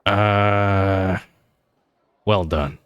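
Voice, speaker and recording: A man voicing a hesitant, polite father who speaks slowly and haltingly at a family dinner. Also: sits low, fairly even intonation, clear, resonant tone, dry recording, dull audio. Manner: halting, slow, soft-spoken, telepathic speech.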